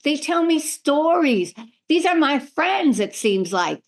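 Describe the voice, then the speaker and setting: A middle-aged woman, a medium, telling lively stories in a podcast interview and acting out the voices of the people in them. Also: high voice, slow. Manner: animated, acts out voices in her stories. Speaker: medium and spiritual healer, guest.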